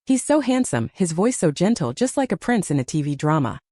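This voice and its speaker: A woman's voice: lowish voice, big pitch swings, brisk, mellow, dry recording, clean studio sound. A woman voicing a vain, lovestruck teenage rich girl who whines defensively. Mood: dreamy.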